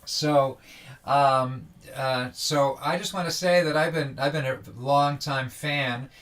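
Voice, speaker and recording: A man hosting a daily online singalong, greeting viewers by name in casual, halting talk with many restarts over a video call. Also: medium pitch, fairly even intonation, fairly bright tone. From Vermont.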